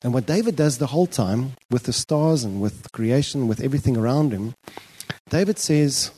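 A man's voice: medium pitch, animated, normal speed, dark tone, slightly rough, rough recording. A man preaching a sermon, passionately speaking a psalmist's prayer in the first person. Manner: impassioned, voicing a psalmist's prayer aloud.

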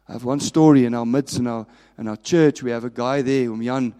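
A man preaching a sermon as a pastor, telling stories with passion and dropping from raised to hushed. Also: mid-range voice, steady tone, normal speed, few pauses. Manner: impassioned storytelling, swinging from raised to hushed. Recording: long reverb of a large hall.

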